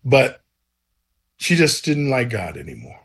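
A man's voice: medium pitch, wildly swooping pitch, measured pace, a bit bright, husky. A man telling his personal faith testimony in an earnest, vivid way, acting out the dialogue as he goes. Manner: earnest, vivid storyteller who acts out dialogue. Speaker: guest sharing a faith testimony.

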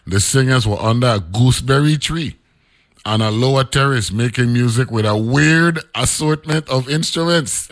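A man's voice: medium pitch, moderate pace, dry recording. A man, hosting a radio show and reading an old newspaper article aloud, breaking off into loose, chatty asides.

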